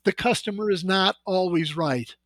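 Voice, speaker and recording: A man's voice: sits high, normal speed, dry recording. A middle-aged sales executive telling anecdotes in a podcast conversation, acting out the voices in his stories. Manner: animated anecdotal storyteller, acts out dialogue.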